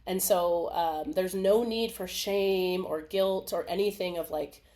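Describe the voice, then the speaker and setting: A woman hosting a live video webinar in a casual, animated way, laughing often and acting out small voices. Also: lowish voice, unhurried. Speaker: webinar host. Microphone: video call.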